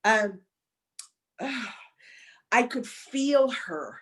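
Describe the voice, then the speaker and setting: A woman guest telling a personal story in a halting, searching way, pausing and restarting, close to tears. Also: medium pitch. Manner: halting, many restarts and fillers, emotional. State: near tears. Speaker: podcast guest. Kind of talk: reflective storytelling.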